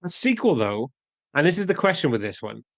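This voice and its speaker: A man's voice: fairly high pitch, very animated, brisk, a bit bright, no echo. A man co-hosting a casual film podcast, reading out trivia and adding dry asides. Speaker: podcast co-host.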